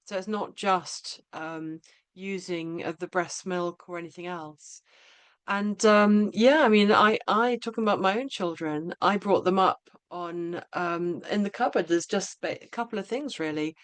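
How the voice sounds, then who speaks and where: A woman's voice: lowish voice, unhurried, clean tone, no echo. A middle-aged woman, hosting a podcast and telling rambling stories in casual chat. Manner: chatty, rambling anecdotes. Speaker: podcast host.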